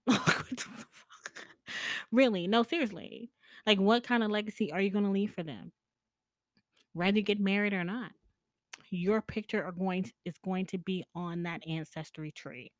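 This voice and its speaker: A woman with a lowish voice hosts a podcast solo, telling personal stories in a candid, chatty casual monologue. She laughs often and swears freely, and the recording is clean studio sound with no room echo.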